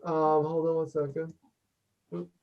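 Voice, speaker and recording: A man presenting a workshop over a video call and answering questions, talking quickly and energetically in the manner of a professor and trainer. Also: a little high, completely flat delivery. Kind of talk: webinar presentation and Q&A. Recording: dull distant video-call audio.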